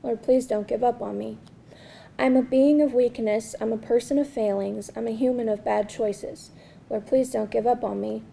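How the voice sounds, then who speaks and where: A woman reading her own spoken word poetry at a release event, slow and earnest with a repeated refrain. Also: on the high side, fairly even intonation, vocal fry, mellow, a little hiss or hum. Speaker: poet reading her work.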